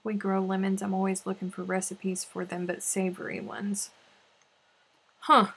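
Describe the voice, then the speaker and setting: A woman hosts a casual live craft stream, reading viewers' comments aloud and answering them in a playful, chatty way. Her voice sits at a middle pitch with a soft, breathy huskiness. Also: flat delivery, normal speed. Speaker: crochet livestream host.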